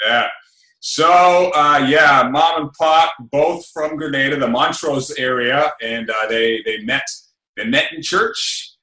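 Bright-voiced man in an echoey studio. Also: medium pitch, slow. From England. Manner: relaxed, rambling with fillers and "right?". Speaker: radio host guest. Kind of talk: casual interview.

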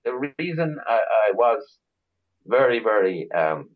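A man's voice: mid-range voice, big pitch swings, measured pace, narrow, tinny audio. A middle-aged Irish man chatting as an interview guest, telling rambling stories with many restarts. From Ireland. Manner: rambling storyteller, frequent restarts. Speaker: guest, chauffeur tour operator. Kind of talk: casual interview chat.

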